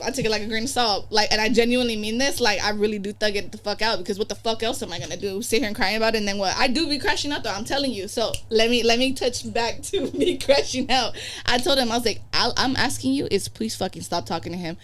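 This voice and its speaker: Fast-talking, blunt woman podcast guest. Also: a little high, steady tone, a bit bright, a little hiss or hum. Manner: blunt, profane storytelling. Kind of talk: casual chat.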